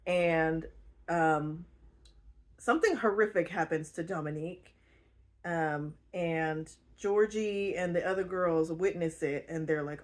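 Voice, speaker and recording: A young woman hosting her own channel, recapping a novel in loose, slangy chatter. She swears freely, laughs often and tells the story casually. Her voice sits a bit low for a woman. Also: a little slow. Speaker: channel host.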